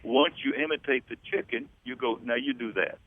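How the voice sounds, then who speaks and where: A man's voice: mid-range voice, a little fast, no room sound, phone-quality sound. An older man in an interview, telling stories and coaching vocal sounds. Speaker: interviewee, backup singer. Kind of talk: storytelling interview chat.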